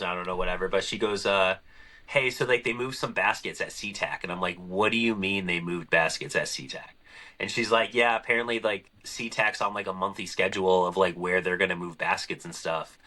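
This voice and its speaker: A man hosting a podcast, telling stories in a loose, chatty way and acting out the conversations. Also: fairly low pitch. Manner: animated storyteller acting out conversations. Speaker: podcast host. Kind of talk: casual podcast chat.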